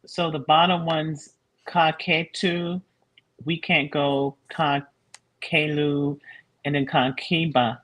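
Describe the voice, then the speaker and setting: Give a slow, careful student working through a language lesson. The voice hesitates and checks each word before moving on. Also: medium pitch, little pitch movement, a bit bright, low-quality recording. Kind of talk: asking questions in a lesson.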